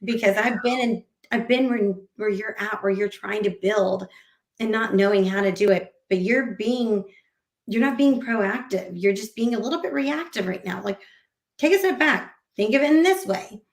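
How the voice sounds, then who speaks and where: Her mid-range voice has a gravelly edge as she chats at normal speed in a relaxed podcast interview. She speaks with animation, performing other people's words as quotes, and the room's echo is clearly audible.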